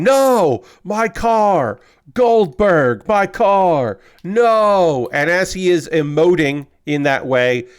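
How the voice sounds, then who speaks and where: A man hosting a livestream in casual talk, halting often with filler words. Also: mid-range voice. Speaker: livestream host.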